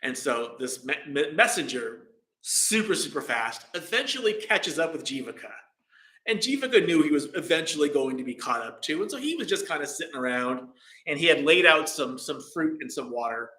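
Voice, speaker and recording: A man's voice: on the high side, very animated, moderate pace, bright, forceful tone. A man teaching as a meditation teacher, telling a story in a dharma talk in a casual, rambling way with many fillers. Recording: roomy echo.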